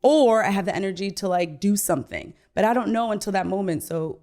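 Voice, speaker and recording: A woman in her thirties chatting as a podcast guest. She talks loosely and quickly shifts between laughter and quieter reflection, with a mid-range voice and lots of "like"s. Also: medium pitch. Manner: chatty, laughs often, says "like" a lot. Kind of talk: casual chat.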